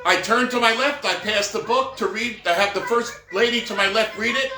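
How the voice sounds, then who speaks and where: A man's voice: high-pitched, brisk. A middle-aged man telling rambling stories from his years as a Santa performer, full of asides and filler like "right?" and "whatever". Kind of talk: casual storytelling monologue. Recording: roomy echo with faint music behind.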